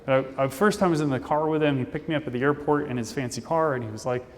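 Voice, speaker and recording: A man giving a fast, casual, jokey conference talk from a stage. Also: on the high side, a little hiss or hum. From Indianapolis, Indiana, US. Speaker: conference speaker. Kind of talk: keynote presentation. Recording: long reverb of a conference hall.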